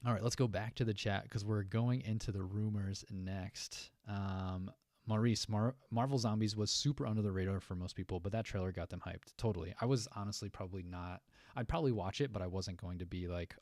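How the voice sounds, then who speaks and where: Male fan-news host, low gravelly voice, dry close mic, loose chatty delivery. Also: steady tone, brisk, a little mellow, no echo. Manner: chatty, loose, many fillers and asides. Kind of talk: casual commentary reading chat.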